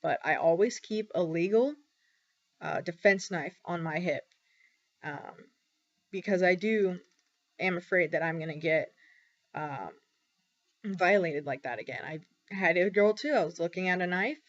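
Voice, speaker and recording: A young woman talking candidly in a personal vlog, halting often with ums and pauses. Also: on the low side. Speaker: vlogger. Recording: dull lo-fi recording.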